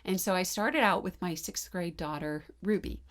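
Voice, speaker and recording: A middle-aged woman telling family stories in relaxed, chatty co-host talk. She gets animated, laughs often and acts out what people said. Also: lowish voice, normal speed. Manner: animated, laughing storyteller who acts out quotes. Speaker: parenting podcast co-host. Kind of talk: casual conversational storytelling.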